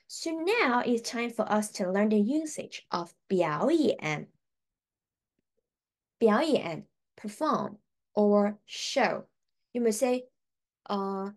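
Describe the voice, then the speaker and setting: A woman teaching Chinese in an online lesson, slowly explaining words and repeating phrases many times for learners to copy. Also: medium pitch. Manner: slow, repetitive drilling, counts strokes aloud and repeats phrases; patient explanations with many fillers and restarts.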